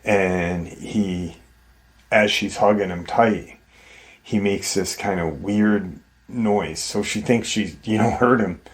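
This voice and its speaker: Slow, low-voiced man retelling a story. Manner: rambling and conversational, many "like" and "you know". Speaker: paranormal channel host. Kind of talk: casual retelling of an encounter story.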